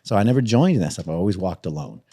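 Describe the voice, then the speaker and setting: A husky-voiced man tells a story quickly as a podcast guest, animated and laughing throughout while swearing freely. His pitch leaps up whenever he acts out other people.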